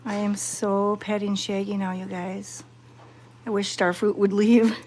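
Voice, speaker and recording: A woman chatting to her viewers while petting cats, excited and fond, cooing softly to the animals. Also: mid-range voice, a little slow, slight background noise. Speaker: cat sanctuary vlogger.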